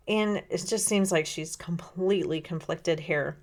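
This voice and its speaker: A woman's voice: on the low side, unhurried, hardly any pauses. A woman hosting a devotional podcast, reading a spiritual diary aloud and then reflecting on it in an earnest, thoughtful way, wondering aloud. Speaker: podcast host.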